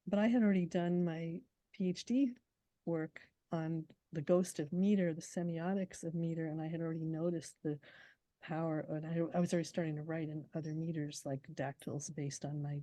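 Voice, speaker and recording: Mellow-voiced woman poet, animated and dry. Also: low-pitched, no room sound. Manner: animated, fast when excited, laughs while explaining. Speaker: poet, interview guest. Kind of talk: casual interview talk.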